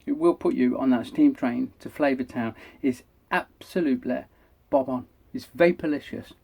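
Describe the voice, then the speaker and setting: A man's voice: mid-range voice, moderate pace, vocal fry, mellow, slightly rough. A middle-aged British man, the host, giving a chatty, enthusiastic product review and swearing freely. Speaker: vape reviewer. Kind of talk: casual product review vlog.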